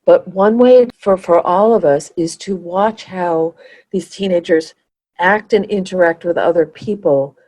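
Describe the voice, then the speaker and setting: Mellow, low-pitched woman podcaster. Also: rough recording. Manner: earnest, restarts and searches for words. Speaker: podcast co-host. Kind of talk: conversational podcast chat.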